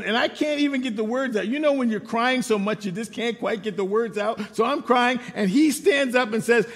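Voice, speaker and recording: An older man preaching a sermon, telling personal stories in a relaxed, conversational way with wry humor. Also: very high-pitched, fairly quick, creaky, few pauses, breathy edge. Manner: conversational storytelling with self-deprecating humor. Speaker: pastor. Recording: long hall reverb.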